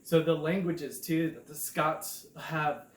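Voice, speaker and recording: A man's voice: a little high, slow pace, echoey room. A man giving a casual, rambling monologue, full of fillers and swearing, and calling everyone dude. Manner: rambling, profane, filler-heavy, says dude a lot. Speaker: self-published author and vlogger.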